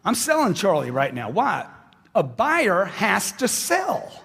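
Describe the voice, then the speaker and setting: On stage before a live audience, a motivational speaker delivers an emphatic talk, repeating lines for effect and firing questions at the crowd. His high voice swings hugely in pitch and sounds a bit bright and slightly rough, and he speaks slowly. A long hall reverb trails each phrase.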